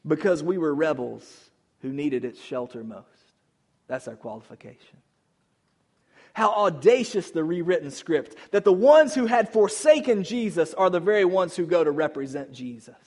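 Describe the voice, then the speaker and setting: A male pastor preaching in a church, his fairly high voice rising and falling over a wide range. He moves from loud, emphatic calls to quiet, tender lines. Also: breathy edge. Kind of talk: sermon. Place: church sanctuary.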